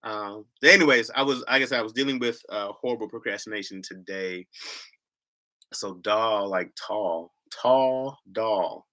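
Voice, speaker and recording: A man's voice: lowish voice, unhurried, pushed and bright. A man with a Michigan accent hosting a livestream, chatting casually in a slangy, rambling way and laughing often. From Lansing, Michigan, US. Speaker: livestream host.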